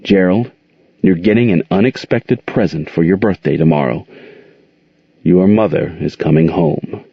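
A man doing a gentle, soothing older aunt. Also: low-pitched, normal speed, creaky, slightly rough, no echo, exaggerated voice. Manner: soft, soothing, calls him child. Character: older aunt raising her nephew, gentle and patient. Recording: dull lo-fi recording.

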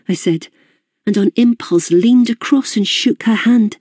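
A woman's voice: medium pitch, animated, measured pace, warm tone, slightly rough, no echo, clean studio sound. A woman narrating a novel in the first person, in a precise and formal manner. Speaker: audiobook narrator.

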